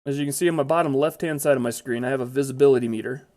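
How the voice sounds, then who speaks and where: A man's voice: mid-range voice, very fast, darkish tone. A man giving casual, chatty commentary over his own gameplay, blurting out exclamations when startled.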